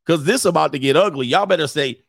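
A man's voice: a little high, fast, gravelly, a bit bright, no echo, clean studio sound. A male host giving blunt, opinionated casual reaction commentary, laughing often as he talks.

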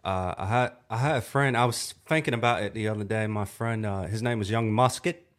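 A man's voice: fairly low pitch, brisk, lightly acted. A man doing a rambling young British rapper. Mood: laid-back. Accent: put-on British. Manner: rambling, full of "you know". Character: young male British rapper, laid-back and boastful. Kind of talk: improvised impression game.

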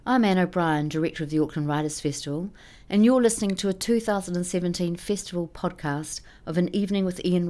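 A woman reads a scripted podcast introduction in a slightly low voice. She sounds measured and formal as she presents the session. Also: darkish tone. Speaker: festival director.

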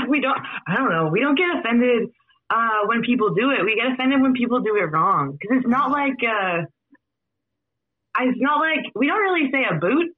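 High Canadian woman on a tinny call. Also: expressive, normal speed. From Saskatchewan, Canada. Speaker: podcast guest. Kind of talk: casual chat. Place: bedroom. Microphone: video call. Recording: tinny video call audio.

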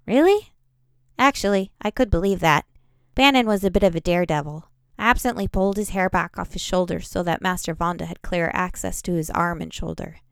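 A woman reads a fantasy excerpt aloud in measured audiobook narration. Her voice is smooth and clear, with a touch of vocal fry, at a middle pitch. The sound is close and dry, with no room echo. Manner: measured first-person storytelling. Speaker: editor reading a book excerpt.

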